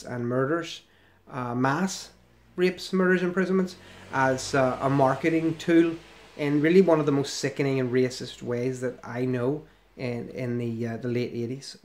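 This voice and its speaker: A man's voice: medium pitch, steady tone, moderate pace, a little mellow. A middle-aged man giving casual, sarcastic commentary as he scrolls through a website, rambling with fillers and restarts. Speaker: ex-member commentator.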